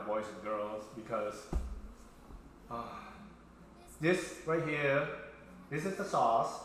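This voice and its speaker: A man's voice: mid-range voice, lively intonation, takes it slowly, long pauses, a bit bright, a little hiss or hum. A man, chatting playfully to his viewers as he demonstrates cooking at home. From Vietnam. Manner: chatty, playful, talks to viewers as boys and girls. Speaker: home cook host. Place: home kitchen. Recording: very echoey kitchen, faint music.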